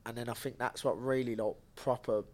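A man's voice: mid-range voice, steady tone, brisk, a little mellow. A young man, a guest telling stories in a casual podcast chat, slangy and laughing often. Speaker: podcast guest, bare knuckle fighter.

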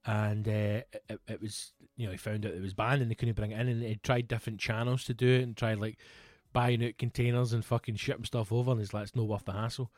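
A man's voice: lowish voice, flat delivery, fairly quick, few pauses, darkish tone, no echo, studio quality. A Scottish man in his thirties, swearing freely and rambling through anecdotes in a casual podcast chat. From Scotland. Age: 30s. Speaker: podcast co-host.

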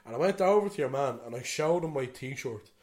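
A man's voice: medium pitch, expressive, fairly quick, darkish tone. An Irish man co-hosting a podcast, rambling through a story in casual chat and swearing freely. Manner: rambling, swears freely, "you know what I mean". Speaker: podcast co-host.

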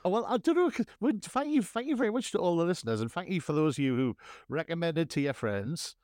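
A man co-hosting a podcast with a fairly high, very animated voice. He talks with mock-grand, theatrical flourishes in a dry, close recording. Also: quick pace, no room sound. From North East England. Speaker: podcast co-host. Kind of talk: casual chat.

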